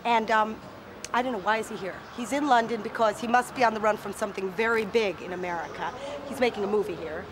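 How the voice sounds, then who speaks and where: A woman's voice: mid-range voice, fast. A woman in her forties hosting a comic chat show, brash and teasing with her guests. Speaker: TV host interviewing celebrities. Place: outdoors on a street, then in a pub. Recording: noisy location audio.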